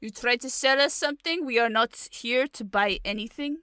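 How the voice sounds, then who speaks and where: A woman voicing a gruff male Baba Yaga who sniffs out humans, speaking slowly in a put-on Russian accent. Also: a little high, pushed and bright, no echo, studio quality. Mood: menacing.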